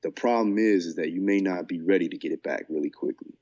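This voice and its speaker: A man's voice: deep voice, fast talker, dark tone, highs cut off. A man co-hosting a podcast as a fight coach, talking in a laid-back, casual way and often saying "man". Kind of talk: casual chat.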